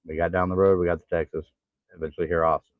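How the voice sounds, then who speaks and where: A man in his forties telling his own story in a halting, tired way, pausing to catch his breath. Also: deep voice, level tone, dry recording. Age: 40s. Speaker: vlogger. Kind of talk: casual personal vlog. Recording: tinny phone-like sound.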